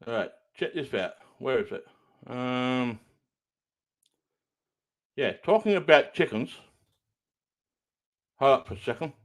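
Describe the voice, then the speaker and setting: A man hosts a clip stream with loose, rambling commentary, circling back over the same words as he hunts for the next video. His voice sits at an ordinary middle pitch. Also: expressive, takes it slowly, long pauses. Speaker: streamer reacting to clips.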